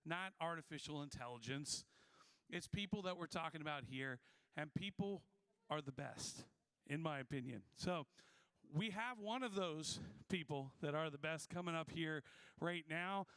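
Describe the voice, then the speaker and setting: A man's voice: on the high side, a little slow, fairly bright tone, smooth, no echo. A man moderating a convention panel, introducing the next guest in an upbeat, earnest way.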